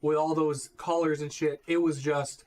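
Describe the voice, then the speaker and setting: A man's voice: fairly high pitch, flat delivery, normal speed, darkish tone. A young man co-casting an esports stream, telling rambling, crude, laid-back stories. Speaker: esports caster. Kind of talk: casual co-casting banter.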